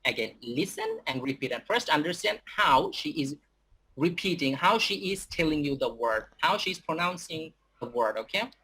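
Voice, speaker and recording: A young man with a Bangladeshi accent gives an English lesson to a group of students. His voice is husky and breathy, and his speech is halting, full of fillers and restarts. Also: a little high, very animated, bright, forceful tone. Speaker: English teacher. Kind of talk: giving a talk to students.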